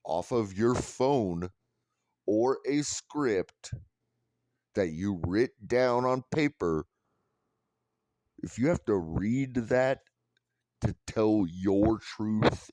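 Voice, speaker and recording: Man, angry commentator, low voice, drawn-out delivery, dry close sound; blunt and profane. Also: darkish tone, no echo. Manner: repeats and restarts words when worked up. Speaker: online commentator.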